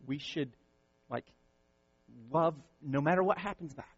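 A male pastor preaching an impassioned sermon, repeating words and swinging from loud peaks to soft, quiet lines. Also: a little high, unhurried, husky, dry recording, dull audio.

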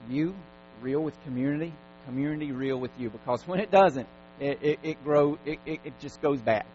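A man's voice: mid-range voice, fairly even intonation, normal speed, dark tone. Man preaching a sermon over faint hum. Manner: preaching, emphatic repeated commands. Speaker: pastor. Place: church service. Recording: dull lo-fi sound with faint mains hum.

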